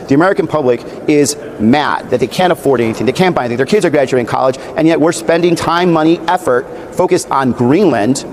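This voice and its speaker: A male senator answering interview questions earnestly, with filler uhs and restarts, recorded outdoors. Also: mid-range voice. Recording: interview clip with crowd noise behind.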